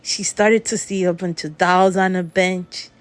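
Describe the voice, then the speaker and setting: A woman casually telling a scary story in a rambling, unhurried way, full of fillers like "he goes". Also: lowish voice, level tone.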